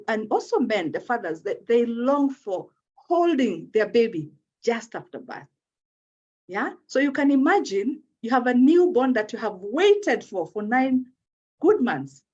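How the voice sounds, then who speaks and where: A woman with a fairly high voice talks through a subject at length as an interview guest. She keeps checking in with her listener and repeats words as she finds her thread. The audio sounds dull and low-fi. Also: darkish tone, breathy edge. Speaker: guest speaking on postpartum depression. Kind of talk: explanatory interview talk.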